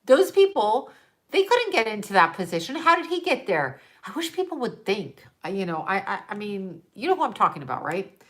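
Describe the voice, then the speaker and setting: A woman's voice: medium pitch, sing-song, brisk, a bit bright. Woman on a phone stream ranting, medium voice, keeps cutting herself off, lots of "are you telling me", cussing. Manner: exasperated, profane, laughing in disbelief; trailing off and restarting, rhetorical questions. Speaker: livestream host talking to viewers. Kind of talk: rambling casual monologue.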